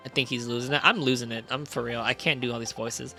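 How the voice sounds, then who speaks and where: A man's voice: mid-range voice, fairly even intonation, fast talker, creaky, few pauses, pushed and bright, faint music behind. A man streaming a game, making joking, self-mocking asides while reading its dialogue aloud. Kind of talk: casual game stream commentary.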